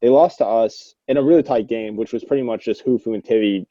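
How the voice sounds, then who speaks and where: A young man co-hosting a casual podcast about an online hockey league, rambling and excitable, swearing freely and restarting his sentences a lot. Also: medium pitch, fast talker, no echo. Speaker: podcast co-host. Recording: dull, lo-fi, dry sound.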